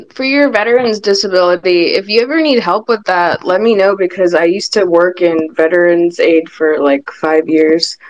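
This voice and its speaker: A woman's voice: lowish voice, a little mellow, dull audio. A woman joining a casual chat, offering help in a slightly hesitant way. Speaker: listener in a live audio chat.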